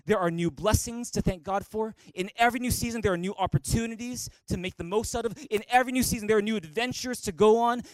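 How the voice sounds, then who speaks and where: A middle-aged male pastor giving a lively sermon, acting out quoted voices and singing snatches of song. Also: high-pitched, dry recording, low-quality recording. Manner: energetic, animated preaching that acts out quoted voices and sings snatches of song.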